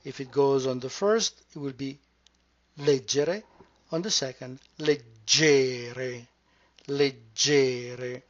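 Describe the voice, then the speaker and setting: A man teaching a pronunciation lesson, repeating each word slowly and carefully to model its sound. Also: medium pitch, animated. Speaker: language teacher. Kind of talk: slow, deliberate pronunciation lesson. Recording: dull lo-fi recording.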